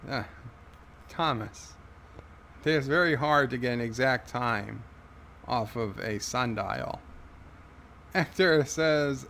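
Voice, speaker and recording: A man hosting a livestream, reading viewer comments aloud in a halting, wry way. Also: medium pitch, creaky, fairly bright tone, slight background noise. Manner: halting, many fillers and restarts, wry. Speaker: livestream host.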